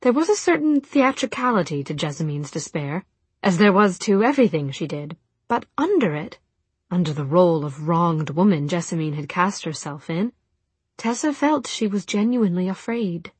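A woman narrating an audiobook in soft, measured storytelling with a breathy voice. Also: on the low side, sing-song, no room sound. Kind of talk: scripted narration.

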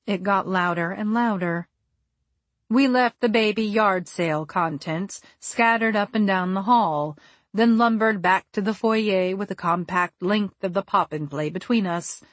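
A woman narrating a first-person story for an audiobook in a measured, wry and deliberate way, close on the mic. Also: medium pitch, no room sound.

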